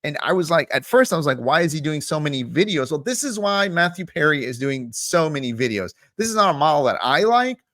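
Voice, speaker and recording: A man's voice: on the high side, very animated, a little fast, hardly any pauses, fairly bright tone, dry recording, clean studio sound. A man ranting bluntly and profanely to camera as a crypto video host, mocking other creators. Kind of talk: casual ranting commentary to camera.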